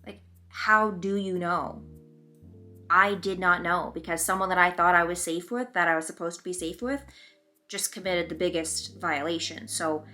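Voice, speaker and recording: A woman's voice: on the low side, moderate pace, bright, forceful tone, soft background music. A young woman vlogger telling a personal story in an open, conversational, confessional way while doing her makeup. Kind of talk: candid confessional storytelling vlog.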